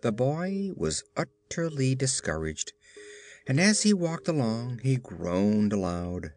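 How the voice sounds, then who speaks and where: A man narrates a storybook in a measured, expressive way. His pitch moves in lively swings, and soft music plays faintly beneath his voice. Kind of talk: scripted narration.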